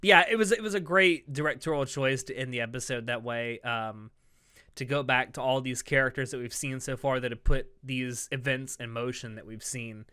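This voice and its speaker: A man's voice: mid-range voice, normal speed, sharp tone, clean tone, no echo, studio quality. A man co-hosting a casual podcast review chat, chatty and laughing easily as he walks through plot details. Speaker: podcast co-host.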